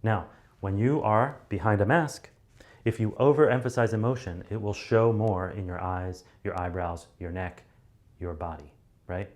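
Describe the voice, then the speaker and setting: Man, low voice, communication coach, casual teaching monologue, fillers and restarts. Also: moderate pace, darkish tone. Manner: loose and conversational, with many fillers and restarts; acts out sample deliveries to show each point. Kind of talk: teaching monologue on public speaking.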